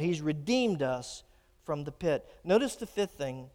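A man preaching a sermon, swinging from emphatic declarations to hushed, grave warnings. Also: on the high side, very animated, unhurried. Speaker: pastor. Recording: long reverb of a church hall.

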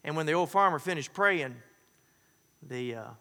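Bright-voiced folksy preacher in a hall. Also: male voice, a little high, moderate pace. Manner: folksy, joking, animated storytelling. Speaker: pastor. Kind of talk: sermon.

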